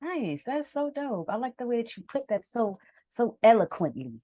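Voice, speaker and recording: A woman's voice: a little high, very animated, normal speed, dark tone, no room sound. A woman co-hosting a podcast, affirming her guest enthusiastically in casual chat. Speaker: podcast co-host.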